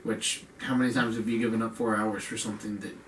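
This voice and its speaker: A man's voice: fairly low pitch, little pitch movement, fast talker. A man chatting casually as a podcast co-host, rambling and laid-back, filling his talk with "like". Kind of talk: casual chat. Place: room in a home. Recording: echoey room, distant mic, faint noise.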